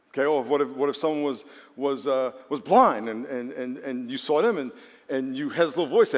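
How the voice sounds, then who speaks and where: A male preacher giving a sermon, animated and acting out quoted voices. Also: mid-range voice, fast talker. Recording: long reverb of a hall.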